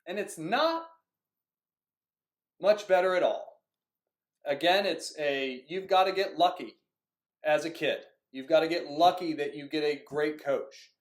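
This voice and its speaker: A man talks through his years coaching youth soccer in an animated, storytelling way, acting out old conversations. His voice sits a little high, and the room gives it a noticeable echo. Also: a little slow, pauses often. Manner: frequent "like" fillers. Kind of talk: casual monologue. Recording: echoey room.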